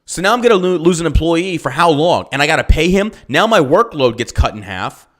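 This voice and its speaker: A man's voice: a little high, big pitch swings, a little fast, a bit bright. A male podcast host and business owner ranting about politics, swearing freely and firing off rhetorical questions. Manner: profane, heated, rhetorical questions. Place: lives in Texas.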